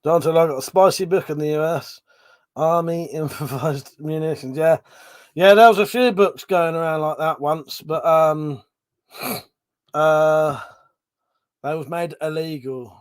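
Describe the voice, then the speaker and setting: Man, cold, sniffling, coughing, sweary, laughs a lot, live-stream host reading chat, somewhat high voice. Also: a little slow.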